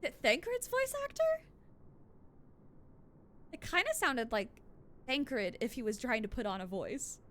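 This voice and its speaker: A woman streaming a video game, chatting casually with giggles and animated reactions. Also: a little high, measured pace, long pauses.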